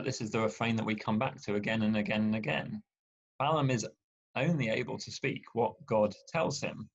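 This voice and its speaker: A man's voice: medium pitch, creaky, husky. A man preaching a sermon in a conversational storytelling way, with wry asides. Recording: dull lo-fi sound.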